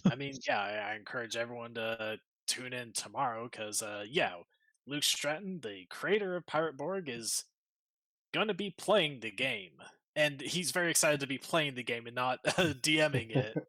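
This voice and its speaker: Casting: male game master, bright, forward voice, dry close sound, stop-start chatter. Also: mid-range voice, expressive, dry recording. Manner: halting, repeats words, playful. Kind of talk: casual livestream chat.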